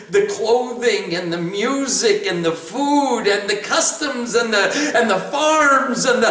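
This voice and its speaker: A man's voice: very high voice, fairly bright tone, recorded from a distance. A man giving a spiritual talk as teacher, telling stories animatedly and laughing often. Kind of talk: devotional talk with questions. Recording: echoey room, away from the mic.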